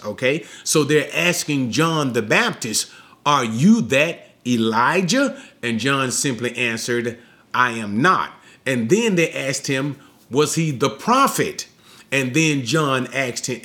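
A man's voice: medium pitch, fairly bright tone. A man giving an expository Bible lesson, explaining a passage step by step and often checking in with the listeners. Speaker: Bible teacher.

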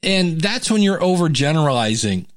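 A man hosting a podcast in a casual, conversational way, animated and acting out quoted thoughts. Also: on the high side, normal speed, dry recording, studio quality. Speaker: podcast host.

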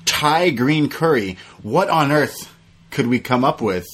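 A man's voice: medium pitch, slow pace, husky. A young adult man co-hosting a podcast, telling stories in casual chat and acting out the quotes. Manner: animated storytelling, acts out quotes. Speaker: podcast co-host.

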